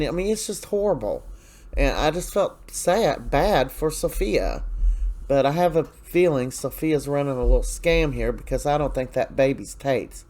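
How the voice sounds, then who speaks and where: A man talks through a soap opera episode in a loose, conversational way. He is opinionated, often stops for "uh" and "you know", and goes off on asides as he tells the story. His voice sits at an ordinary middle pitch. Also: expressive, normal speed, a little mellow. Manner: chatty and opinionated, with frequent fillers and asides. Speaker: soap opera recap host. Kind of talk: casual spoken episode recap.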